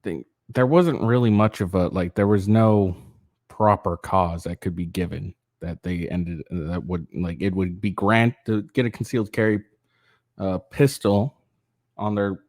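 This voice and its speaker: A man's voice: low voice, steady tone, measured pace, a little mellow, no echo, studio quality. A tired man reading a news article aloud and breaking off into rambling, profane rants full of fillers and restarts. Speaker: political commentary channel host.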